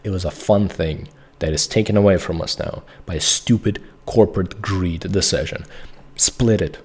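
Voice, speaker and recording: A man's voice: low-pitched, moderate pace, darkish tone, slightly rough. A man ranting to camera from his home desk about a game, frustrated and heated, apologizing along the way. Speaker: gaming video creator. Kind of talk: to-camera rant.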